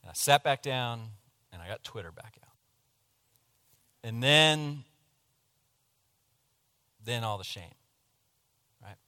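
A man preaching, telling a personal story in a confessional, animated way that swings from hushed to loud. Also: medium pitch, slow pace, pauses often, clean tone, no room sound. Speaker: pastor. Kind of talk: sermon storytelling.

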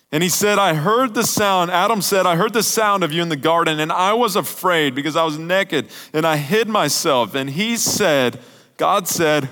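A young man preaches as a youth pastor, keeping his sermon casual and conversational. His voice sits on the higher side, and he pushes his points with emphasis before dropping soft and low. The sound rings with a long reverb in a church hall. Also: normal speed.

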